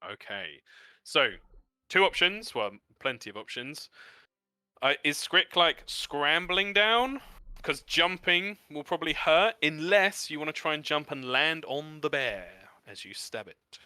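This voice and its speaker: Bright, crisp-voiced man running a tabletop game. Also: fairly high pitch, a little slow, no room sound. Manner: lively descriptive narration with sound effects. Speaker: game master.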